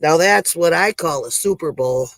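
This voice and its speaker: Male performer as a rambling, breathless country-woman comic host; high voice, slow, dry close sound. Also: a bit bright, no echo, low-quality recording. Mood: folksy. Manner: rambling, sighing between jokes. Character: folksy joke-telling country woman host. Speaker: comedy show host. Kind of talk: comic monologue.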